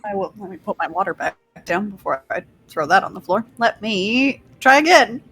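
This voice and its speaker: A woman's voice: medium pitch, lively intonation, moderate pace, fairly bright tone, breathy edge, no echo. A woman taking part as a player in a tabletop game, upbeat and chatty. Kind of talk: casual tabletop play.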